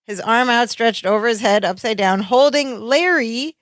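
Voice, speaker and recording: A woman's voice: a little high, normal speed, no room sound, studio quality. A woman co-hosting a podcast, chatting casually about a sitcom episode and finishing her co-host's sentences. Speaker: podcast co-host.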